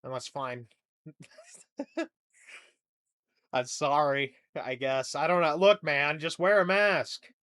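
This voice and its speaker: A man's voice: on the high side, fairly even intonation, slow pace, long pauses, fairly bright tone. A young man hosting a comedy podcast, rambling through a profane, jokey monologue. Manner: rambling, profane, jokey rants with mock voices.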